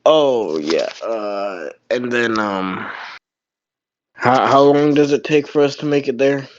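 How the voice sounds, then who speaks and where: A man's voice: mid-range voice, slow, lo-fi sound. Rambling male tabletop player. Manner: rambling, repeats himself, frequent fillers. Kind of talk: casual game table chat.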